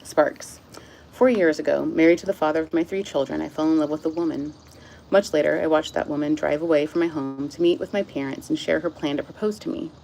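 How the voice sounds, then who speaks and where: A woman's voice: sits low, steady tone, quick pace, gravelly, mellow, a little hiss or hum, low-quality recording. A woman reading her own book aloud outdoors into a phone, emotional and close to tears, with personal asides. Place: outdoors in the sun.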